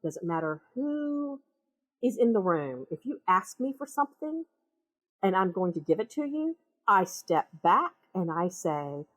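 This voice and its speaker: Woman, Minnesota accent, podcast guest, lively storyteller, mid-pitched voice. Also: a little slow. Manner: animated, acts out voices in her anecdotes. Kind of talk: casual storytelling conversation.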